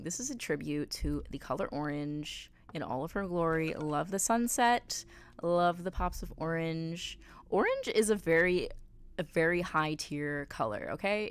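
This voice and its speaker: A woman streaming a game, reacting with gushing, playful, dramatic excitement. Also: fairly low pitch. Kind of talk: live-stream commentary.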